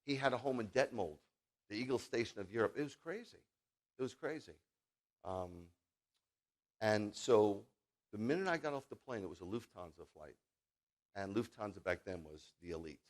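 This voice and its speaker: A man in his fifties, a rabbi giving a sermon, telling personal stories in an animated, jokey, emphatic way. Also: lowish voice, moderate pace, long pauses.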